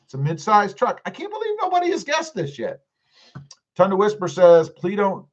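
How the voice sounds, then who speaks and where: In a lo-fi recording, a man with a voice on the high side hosts a relaxed livestream. He reads out chat comments from viewers one by one and responds to each.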